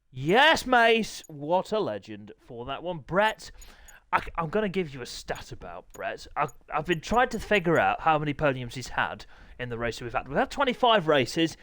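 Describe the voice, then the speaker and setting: Lively man calling a sim race. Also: a little high, moderate pace, no room sound. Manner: chatty, jokey, teasing, clears throat often. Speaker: race commentator and league host. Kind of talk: live sim racing commentary.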